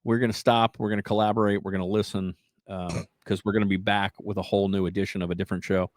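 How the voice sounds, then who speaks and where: A man's voice: low-pitched, level tone, quick pace, no echo, clean studio sound. A man hosting a casual podcast chat, rambling loosely and laughing often. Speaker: podcast host.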